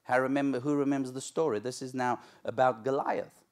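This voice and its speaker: A male pastor preaching a sermon in church, telling a story with lively, acted-out moments. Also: medium pitch, fairly quick. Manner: animated storytelling, acts out shouting crowds.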